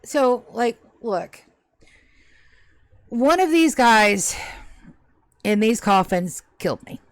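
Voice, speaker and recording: A woman's voice: on the high side, expressive, slow pace, no room sound, studio quality. A woman voicing a centuries-old ghost who is stuck and anxious, stammering and rambling as she begs for help during a tabletop game. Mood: flustered. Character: restless centuries-old ghost, pleading and flustered. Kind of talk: tabletop game role-play.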